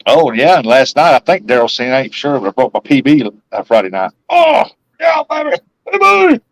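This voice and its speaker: A man's voice: medium pitch, lively intonation, fast talker, dry recording, low-quality recording. A man hosting a live stream, rambling casually and laughing often. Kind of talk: casual chat.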